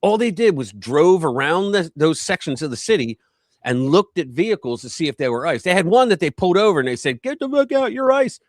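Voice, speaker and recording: A man hosting a casual political live stream, talking in an animated, rambling way and acting out quotes in a raised voice. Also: a little high, brisk, dry recording.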